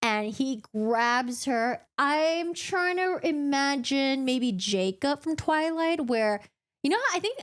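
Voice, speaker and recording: Animated young woman recapping a book. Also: fairly high pitch. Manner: animated, chatty storytelling with asides. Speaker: book vlogger.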